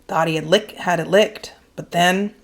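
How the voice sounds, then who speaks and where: A woman voicing a gentle, grieving man driving a truck, speaking softly in a low, halting way. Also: fairly even intonation, close to an everyday voice. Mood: sorrowful.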